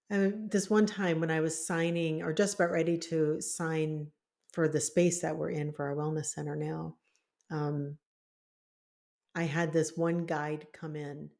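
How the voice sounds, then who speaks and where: A woman co-hosting a spiritual podcast, telling stories in a casual, animated way and laughing often. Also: sits low, gravelly. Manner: animated storytelling with frequent laughs. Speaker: podcast co-host, spiritual healer. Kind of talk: casual conversational chat.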